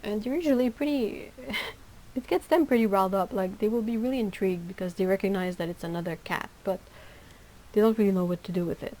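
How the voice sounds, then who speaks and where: A woman's voice: medium pitch, a little fast, warm tone, low-quality recording. A woman hosting a casual livestream, chatting and reacting to viewers' comments with frequent laughter. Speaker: livestream host and artist.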